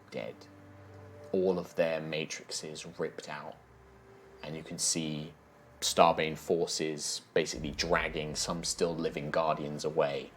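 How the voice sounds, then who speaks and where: Deep-voiced man narrating a tabletop game. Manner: vivid, descriptive, with fillers. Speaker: dungeon master.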